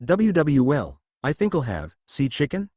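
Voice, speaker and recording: A man's voice: fairly high pitch, huge pitch swings, a little slow, darkish tone, no room sound, full character voice. A man reading the lines of a polite, shy adult woman teacher in a fan fiction story, speaking hesitantly.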